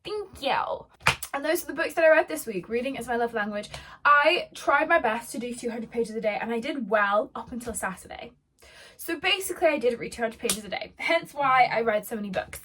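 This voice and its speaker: Young woman, book vlogger, casual and dramatic, slightly high voice. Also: lively intonation, fairly quick, fairly bright tone, slight background noise. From United Kingdom. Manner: dramatic, chatty, self-mocking. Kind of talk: casual chat.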